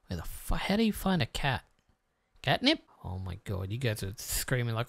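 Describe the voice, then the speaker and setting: A let's-play commentator who swears often and talks straight to the viewers, muttering to themself and then bursting out excitedly. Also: mid-range voice, a little fast. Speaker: gameplay commentator.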